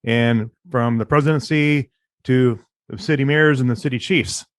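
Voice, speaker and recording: A man's voice: medium pitch, steady tone, normal speed, no room sound, studio quality. A man co-hosting a podcast, affirming his guests and summing up the conversation. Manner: affirming, sums up the talk. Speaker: podcast co-host. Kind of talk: casual interview.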